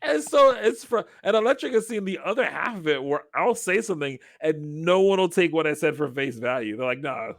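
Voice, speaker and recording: A podcast co-host with a gravelly, fairly high-pitched voice talks fairly quickly and barely pauses. The sound is clean studio quality with no room echo. In a casual chat, he tells stories animatedly and acts out the lines of the people in them.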